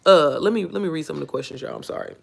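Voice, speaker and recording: A woman's voice: low-pitched, racing, vocal fry. A woman in her thirties hosting a casual livestream, talking animatedly with lots of swearing and reading out viewer comments. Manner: animated, profane, calls viewers "baby" and "y'all"; reads and answers viewer comments. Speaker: livestream host. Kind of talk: casual motivational livestream chat.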